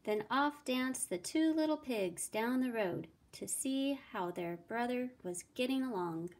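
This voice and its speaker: A woman reading a children's fairy tale aloud in a gentle, sing-song storytelling way. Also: a little high, lively intonation, unhurried.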